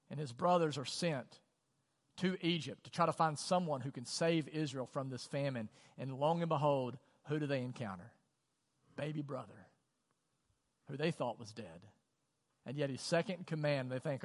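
A middle-aged man preaching a sermon as pastor, talking in a conversational way with many rhetorical questions and dropping to quiet, earnest tones. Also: mid-range voice, normal speed. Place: church auditorium. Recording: long reverb of a large hall.

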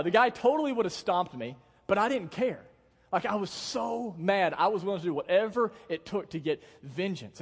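Young male pastor, high voice, casual jokey sermon delivery, church hall with long reverb. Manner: casual, joking storytelling with acted-out quotes.

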